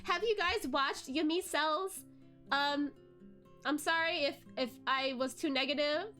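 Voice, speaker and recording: A young woman with a high voice chats casually to her stream viewers, swinging up into animated, emotional peaks. She talks freely with fillers and little laughs. Soft background music plays faintly behind her. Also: unhurried. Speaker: VTuber host. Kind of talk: casual chat to viewers, venting about a drama.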